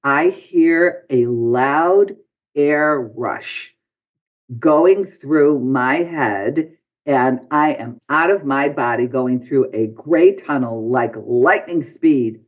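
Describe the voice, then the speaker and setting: A man's voice: mid-range voice, drawn-out words. Man telling a story on a dull recording. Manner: acts out own past dialogue with voice swings. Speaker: podcast guest. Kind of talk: animated personal storytelling. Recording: dull lo-fi podcast audio.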